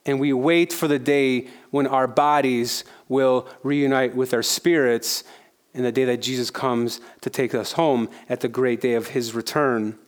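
A man's voice: mid-range voice, steady tone, unhurried. A male pastor preaching a sermon in a conversational way, repeating phrases for emphasis.

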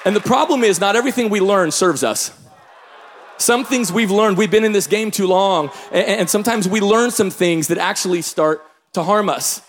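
A pastor from the Pacific Northwest preaching a sermon, telling stories with bursts of shouting. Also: male voice, sits high, normal speed, slight background noise. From Pacific Northwest, Tacoma, Washington. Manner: energetic storytelling, bursts of shouting. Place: large church hall. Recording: long hall reverb.

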